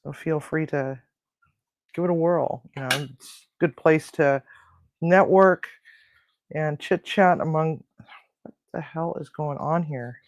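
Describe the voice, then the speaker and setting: Cooking-stream host, unhurried and chatty, mutters to themself mid-task, dry close sound. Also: mid-range voice, no room sound. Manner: chatty, mutters and grumbles to self while cooking. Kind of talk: casual live cooking chat. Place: home kitchen.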